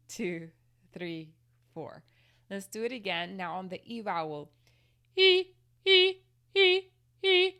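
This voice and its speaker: A woman teaches singing to camera, steering each exercise step by step with a calm, instructional manner. Her voice sits on the low side.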